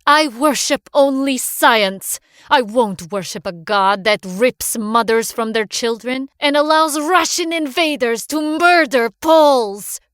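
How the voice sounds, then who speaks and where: A woman voicing a young, obsessive and defiant Polish woman scientist in a horror story reading, shouting in fury at times. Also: high-pitched, animated, slow pace, clean tone, no echo, studio quality, voice pushed up, heavily acted.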